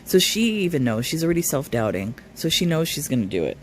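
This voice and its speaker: A man's voice: fairly high pitch, sing-song, quick pace, slight background noise. A man commentating on a live stream, reading viewer comments aloud and arguing back at them. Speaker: reaction commentator.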